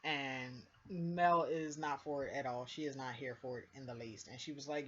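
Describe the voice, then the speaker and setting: A woman's voice: very deep voice, measured pace, fairly bright tone, husky. A woman casually recapping a TV episode, rambling with lots of fillers and acting out what characters said. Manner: rambling, filler-heavy retelling, acting out quotes. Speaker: TV show reviewer. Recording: dull lo-fi recording.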